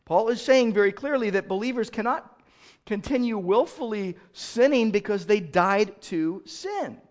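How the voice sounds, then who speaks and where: A man preaching a sermon as pastor, swinging from loud outrage to quiet explanation. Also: high-pitched, lively intonation, measured pace.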